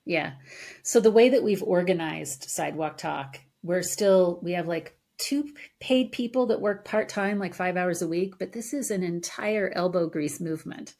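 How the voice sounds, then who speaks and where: Low, gravelly-voiced woman in conversation. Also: moderate pace. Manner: earnest, animated storyteller who laughs easily. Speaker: therapist, podcast guest. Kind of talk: conversational interview.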